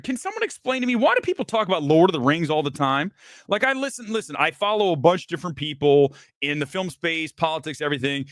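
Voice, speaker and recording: A man's voice: fairly high pitch, fairly bright tone, no room sound, clean studio sound. A man hosting a movie news show, ranting with profanity and sarcasm in casual commentary.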